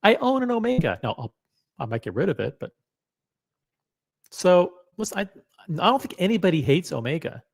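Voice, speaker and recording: A man's voice: high-pitched, sing-song, moderate pace, gravelly, long pauses. A man hosting a live stream who reacts casually, jokes, swears and reads chat comments aloud. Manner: loose, joking, profane, reads chat aloud.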